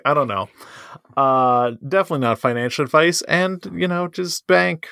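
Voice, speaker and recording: A man's voice: on the high side, normal speed, creaky, sharp tone, clear, resonant tone, no echo, studio quality. A man co-hosting a casual comedy podcast, teasing his co-host dryly and laughing through his lines.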